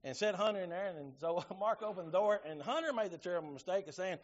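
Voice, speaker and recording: A man's voice: sits high, expressive, fast, lo-fi sound. A middle-aged man, preaching a sermon in a folksy storytelling way. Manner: folksy storytelling with Southern phrasing. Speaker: pastor.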